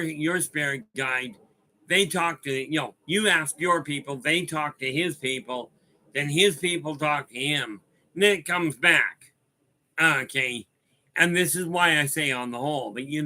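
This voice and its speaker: A man's voice: fairly high pitch, pushed and bright. A man hosting a spiritual talk stream, rambling through stories and calling out viewers by name. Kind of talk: casual talk answering viewer chat.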